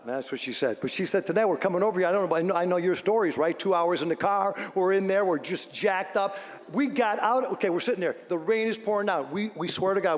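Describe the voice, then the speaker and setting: A middle-aged man, a radio host, giving an energetic storytelling speech to a live audience, swinging from shouts to hushed moments. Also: sits high. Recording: long hall reverb.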